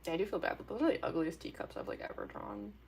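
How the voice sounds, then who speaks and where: A young woman talks fast in a medium-pitched, creaky voice with a breathy edge. She's livestreaming her drawing, giggling frequently and chatting to viewers in a loose, filler-heavy ramble.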